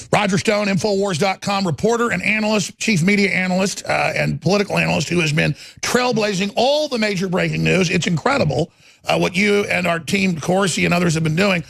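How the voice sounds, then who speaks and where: A man hosting a political talk show, ranting angrily and swinging into shouts. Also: high-pitched, creaky, no echo. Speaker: host. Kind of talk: heated political commentary.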